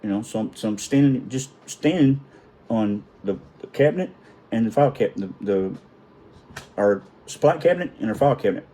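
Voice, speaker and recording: Middle-aged man, lively swearing storyteller, voice rising and falling a lot. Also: on the low side, fairly quick. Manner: profane, animated, self-mocking. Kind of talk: casual storytelling.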